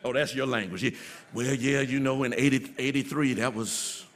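A man preaching a sermon as pastor, swinging from soft, low passages to loud, shouted refrains. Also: moderate pace.

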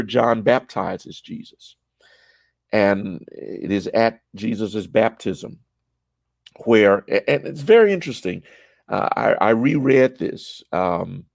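A man teaching a church Bible study, halting and explanatory, with frequent fillers and repeated words. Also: on the low side, creaky, dry recording.

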